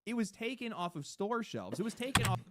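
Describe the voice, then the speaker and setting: Man with lively pitch, noisy clip. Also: brisk. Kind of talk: scripted commentary.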